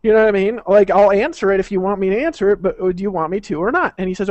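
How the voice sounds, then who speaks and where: High-voiced man, rambling, profane storyteller. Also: very fast, a little mellow, dry recording, dull audio. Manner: rambling, profane, repeats words and restarts often. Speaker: network marketer telling a story. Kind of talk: casual storytelling in an online group video chat. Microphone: video call.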